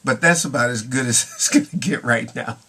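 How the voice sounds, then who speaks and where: Husky middle-aged man rambling casually. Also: mid-range voice, a little fast, sharp tone. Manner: rambling, chuckling, drifts between English and Spanish. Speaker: vlogger. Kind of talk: casual talk to camera.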